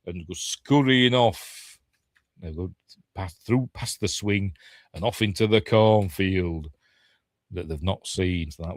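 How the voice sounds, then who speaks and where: Yorkshire man, lowish voice, dry close sound, chatty film commentary, thinks out loud. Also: moderate pace, no echo. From Yorkshire, England. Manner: rambling, thinks aloud, self-correcting. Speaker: film reviewer. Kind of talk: casual watch-along film commentary.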